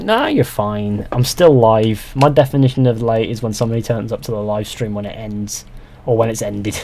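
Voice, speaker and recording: With a lowish, darkish-toned voice at normal speed, a young streamer talks casually while playing a game live. He reads his viewers' comments aloud and answers them in a dry, sarcastic way.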